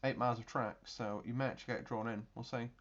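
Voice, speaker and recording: A man hosting his channel, giving chatty, excitable gameplay commentary with mouth-made explosion noises. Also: medium pitch, fast, dull audio, a little hiss or hum. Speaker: video game channel host.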